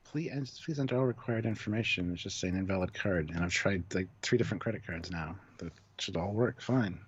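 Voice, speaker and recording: Man, live-stream host, reads donations matter-of-factly, lowish voice, dull lo-fi sound. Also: fairly quick. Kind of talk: casual live-stream chat. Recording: dull lo-fi call with faint noise.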